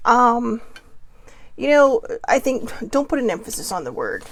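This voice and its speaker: A woman rambles through her vlog in a casual, laughing way, full of fillers. Her voice sits a bit high and swoops widely, with a gravelly edge. It sounds close and dry. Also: a little slow. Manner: chatty, laughs often, many fillers; animated, lively quoting in dream story. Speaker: vlog host.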